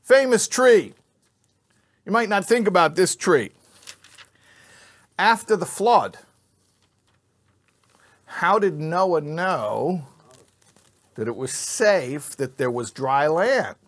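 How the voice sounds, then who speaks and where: A man's voice: high-pitched, expressive, slow, long pauses. A man teaching an informal Bible class to a live group, joking and quizzing his listeners. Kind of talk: informal Torah class with audience.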